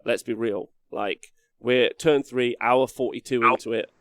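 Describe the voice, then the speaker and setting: Male commentator, relaxed and chatty, dry studio sound. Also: medium pitch, measured pace, no echo. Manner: casual, chatty, many fillers. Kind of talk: live tabletop game commentary.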